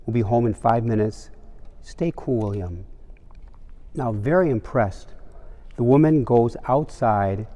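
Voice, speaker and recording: A priest delivers his Sunday homily in a calm, genial storytelling manner. His voice is mellow and dark-toned, carried by the long reverb of a large cathedral. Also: mid-range voice.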